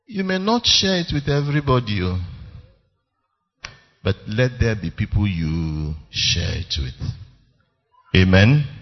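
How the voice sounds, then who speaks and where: A man's voice: lowish voice, expressive, slow pace, long pauses. A man preaching a sermon as pastor, emphatic and calling on the congregation to respond. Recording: reverberant lo-fi church recording.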